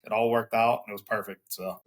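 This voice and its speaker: A man's voice: lowish voice, fairly even intonation, brisk. A man on a podcast recounting events in a matter-of-fact way. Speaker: podcast participant. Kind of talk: casual podcast conversation.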